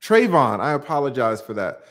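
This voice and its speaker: A man hosting a live-stream panel in casual chat, animated and chatty with frequent filler sounds. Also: medium pitch, normal speed.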